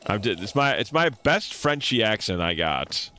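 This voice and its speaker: A man streaming a game, commenting in an excitable, joking way with swearing and laughter. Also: fairly low pitch, moderate pace, faint music behind. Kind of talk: let's-play commentary.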